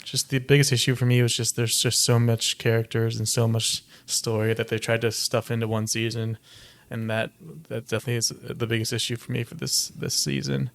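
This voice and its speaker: A man's voice: medium pitch, flat delivery, fairly quick, vocal fry. A man co-hosting a film podcast in casual chat, hesitant and repeating words as he goes. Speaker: podcast co-host.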